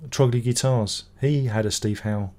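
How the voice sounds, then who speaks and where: A middle-aged channel host reads out comments from viewers during a live stream, responding with rambling exclamations and cursing. His medium-pitched voice is a little mellow, with fairly even intonation and a normal speed.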